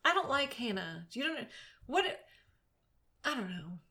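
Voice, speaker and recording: A woman co-hosting a podcast in casual chat, animated and opinionated, often laughing at her own jokes. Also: fairly high pitch, measured pace. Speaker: podcast co-host. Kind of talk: casual chat recapping a dating show.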